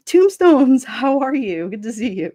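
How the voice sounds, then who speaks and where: A woman's voice: sits high, measured pace, no echo. Chatty laughing woman livestream host. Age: adult with children. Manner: chatty, laughing often, animated quoting voices. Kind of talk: casual chat reading live comments.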